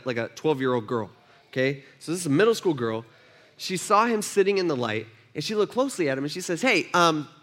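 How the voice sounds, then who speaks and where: A man's voice: a little high, fairly bright tone. A man preaching a sermon, retelling a scripture story in casual modern slang and acting out the characters' voices. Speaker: pastor.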